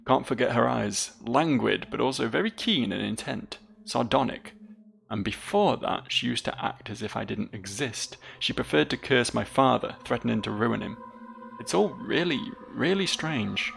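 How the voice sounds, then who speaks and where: A man with a gravelly voice voicing a young nobleman's son in a video game, an anxious, brooding character, read in an earnest, dramatic way with high lifts. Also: animated, moderate pace, fairly bright tone, slight background noise.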